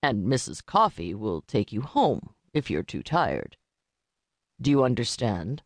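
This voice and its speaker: A woman voicing a male prosecutor with a parched voice who speaks slowly and clearly, sounding vaguely uncertain. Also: rumbling low, sing-song, dry recording, voice pushed down, heavily acted. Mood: careful. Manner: slow, clear, faintly uncertain. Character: male prosecutor, vaguely confused, slow and careful.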